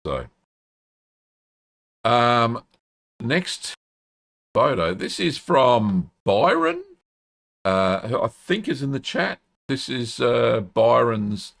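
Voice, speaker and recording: A man's voice: on the low side, gravelly. A middle-aged man, hosting a live stream and chatting casually with plenty of ums and uhs. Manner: relaxed, chatty, frequent ums and uhs, friendly "mate". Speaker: host answering cheese-making questions. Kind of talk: casual live-stream chat, reading viewer messages.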